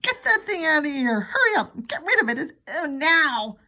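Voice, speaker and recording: Woman doing a shrill stern mom, loud, high, storybook. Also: very animated, moderate pace, heavily acted. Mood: panicked. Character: alarmed mother, shrill and stern.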